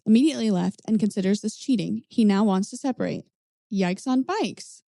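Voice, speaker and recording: A woman reads online posts in a casual, chatty way and keeps breaking in with blunt, sarcastic asides. Her voice is mellow and warm, and it sits at a middling pitch. The recording is close and dry. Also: no echo. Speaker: reddit story reader and commentator. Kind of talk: casual reading with commentary.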